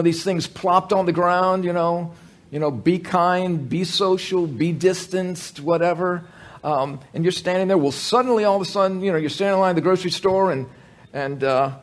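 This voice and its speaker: A man preaching a sermon, joking with the congregation and telling animated stories, with many fillers and restarts. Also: sits high.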